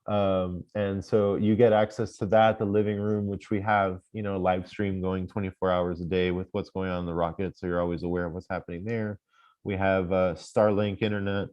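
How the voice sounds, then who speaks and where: A man's voice: low voice, level tone, normal speed, darkish tone, muffled recording. A man being interviewed over a live stream, chatty and rambling, with lots of restarts and joking asides. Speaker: space-tourism lodging owner.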